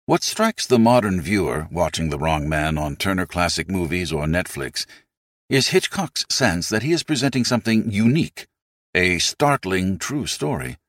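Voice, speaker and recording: A man narrating a nonfiction audiobook in a scripted, expressive and emphatic storytelling manner. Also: low-pitched, moderate pace, no room sound, clean studio sound.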